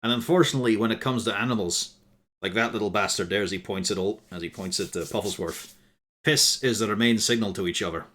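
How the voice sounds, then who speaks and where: A man's voice: on the low side, fast talker, fairly bright tone, natural voice. A man playing a sarcastic, swearing woodland keeper. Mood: explaining. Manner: blunt, sarcastic and swearing freely. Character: gruff, foul-mouthed male woodland caretaker.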